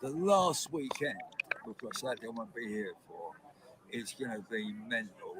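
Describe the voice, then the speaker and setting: A man's voice: mid-range voice, moderate pace, background noise. A man, telling a rambling, chatty comedy anecdote over a video call. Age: 70s. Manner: rambling, chatty storyteller with restarts. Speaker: guest comedian.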